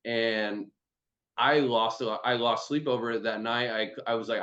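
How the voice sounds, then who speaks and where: A man's voice: mid-range voice, fairly even intonation, moderate pace, fairly bright tone, lo-fi sound. A man hosting a casual video-call chat as a performance trainer, talking loosely with lots of "like" and free swearing. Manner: loose, chatty, swears freely, many "like"s.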